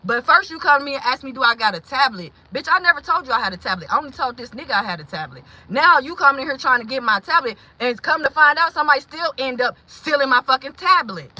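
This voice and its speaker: Woman livestream host, raw and profane venting, greets chat, high piercing voice. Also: expressive, fast, few pauses, poor audio. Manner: blunt and profane, swings from heated to hushed; greets chat viewers mid-rant.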